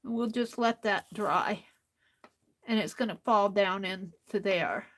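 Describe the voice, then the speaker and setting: Slow-talking tired woman crafting live. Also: medium pitch. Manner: soft-spoken, talking to herself as she works. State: tired late at night. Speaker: crafting livestream host. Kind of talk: casual talk while crafting live.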